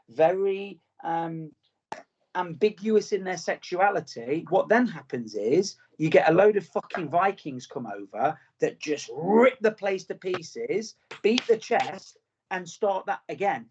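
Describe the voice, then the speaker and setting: A man's voice: high-pitched, darkish tone, a little hiss or hum. A middle-aged man with a British accent, chatting bluntly on a podcast and swearing freely. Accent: British English. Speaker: podcast host. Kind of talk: casual podcast chat. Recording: slightly muffled podcast audio.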